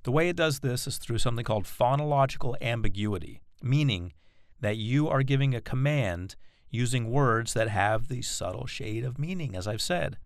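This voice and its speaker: A man teaching a recorded self-help course, explaining techniques in a measured way and stressing key words. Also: mid-range voice, lively intonation, no echo, clean studio sound. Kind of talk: recorded audio lesson.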